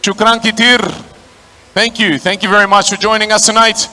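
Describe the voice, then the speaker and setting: A man's voice: little pitch movement, moderate pace, sharp tone. A man working as a ring announcer at a boxing stadium, calling out to the crowd and introducing the fighters. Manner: booming, crowd-working, calls out to the audience.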